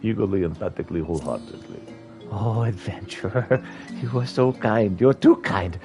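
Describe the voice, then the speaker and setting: A man's voice: on the low side, expressive, normal speed, over music. A man voicing a timid, fretful male kobold in a game, stammering and piling up anxious synonyms. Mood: whiny. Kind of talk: reading game dialogue aloud in character.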